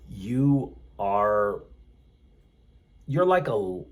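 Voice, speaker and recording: A man hosting a sports channel delivers a snarky, rambling commentary monologue from a hotel room, full of sarcasm and sardonic asides. His voice is on the low side, a little mellow and husky.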